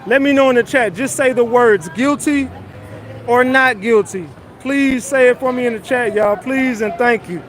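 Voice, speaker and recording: A man's voice: extremely high pitch, moderate pace, fairly bright tone. A man doing casual livestream commentary outdoors on a city street, joking loosely and reading his chat aloud into a phone.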